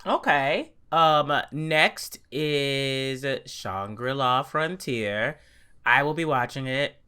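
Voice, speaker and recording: A man co-hosts a podcast with casual, animated chat, laughing and swearing freely. He speaks slowly in a smooth, medium-pitched voice with a sharp tone.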